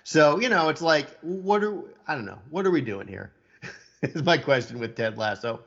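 A man's voice: fairly high pitch, lively intonation, moderate pace, creaky, fairly bright tone, breathy edge. A man living in Texas, chatting casually about television, blunt and opinionated, with stammering restarts. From Texas, USA. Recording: dull lo-fi sound.

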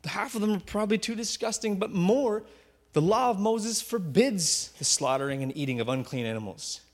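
A man preaching a sermon, retelling a Bible story vividly and often dropping to a hushed voice for effect. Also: sits high, lively intonation, moderate pace. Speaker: pastor.

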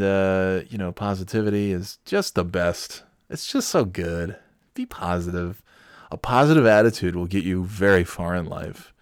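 A man's voice: sits low, animated, moderate pace, clear, resonant tone, no echo, studio quality. A man hosting a casual solo podcast, signing off in a rambling, sarcastic and crude way with mock-sincere pep talk. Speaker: podcast host. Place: at home on a Sunday night.

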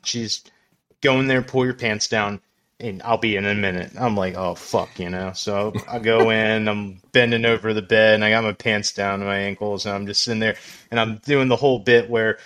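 A man's voice: lowish voice, fairly even intonation, moderate pace, fairly bright tone, clear, resonant tone. A man co-hosting a podcast, telling a crude childhood story casually and laughing often as he goes. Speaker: podcast co-host. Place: small studio room.

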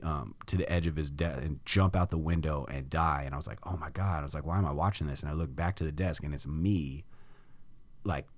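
A middle-aged man with a very deep voice, recorded dry, hosts a podcast. He tells a personal story in casual conversation, acting out how he reacted back then.

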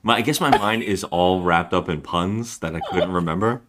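A man's voice: low-pitched, moderate pace, background noise. A man co-hosting a podcast, chatting casually and jokingly about a film. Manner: rambling, jokey, acts out scenes. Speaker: podcast co-host. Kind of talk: casual chat reviewing a film.

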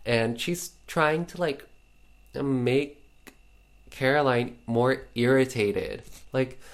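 A man's voice: mid-range voice, slow pace. A man casually retelling a film's plot, chatty and full of fillers, with playful sarcasm. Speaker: podcast host recapping a film. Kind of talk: casual chat.

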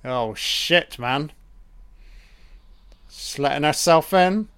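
Guy swearing his way through a horror film commentary, kinda high voice, takes his time. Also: extremely slow, smooth. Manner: profane, excitable, keeps calling the characters love and baby. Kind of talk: crude live film commentary.

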